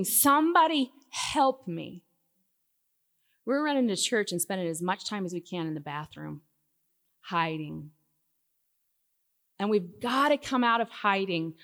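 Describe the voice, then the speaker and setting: A middle-aged woman giving a faith talk to a live audience, telling stories with loud emphatic bursts that drop to hushed asides. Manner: lively storytelling, swinging from loud emphatic bursts to hushed lows. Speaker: Christian speaker. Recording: long hall reverb.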